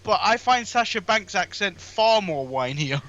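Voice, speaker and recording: A man with a London accent co-hosting a casual chat show, chatty and quick to giggle. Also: sits high, lively intonation, sharp tone, dull audio. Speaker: co-host.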